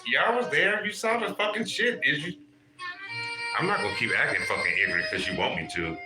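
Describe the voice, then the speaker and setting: A man hosting a casual livestream and giving spiritual readings. He talks straight to his viewers in an animated, profane way. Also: on the high side, brisk. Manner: animated, profane, addresses chat viewers directly. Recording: echoey room with music playing. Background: music.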